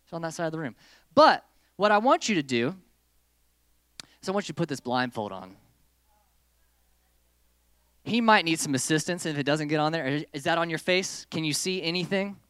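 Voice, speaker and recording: A youth group leader running a playful hands-on lesson, directing volunteers around a room. The voice is bright and clear and swings widely in pitch. The sound is close and dry, with little room echo. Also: moderate pace, long pauses. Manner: playful, animated, giving stage directions to volunteers. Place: indoor meeting room with a group.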